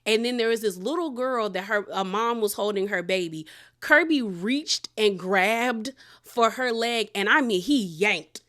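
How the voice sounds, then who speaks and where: A woman recapping a documentary in a chatty, animated way, exclaiming and laughing as she goes. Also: fairly high pitch, measured pace. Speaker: show reviewer. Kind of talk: casual recap.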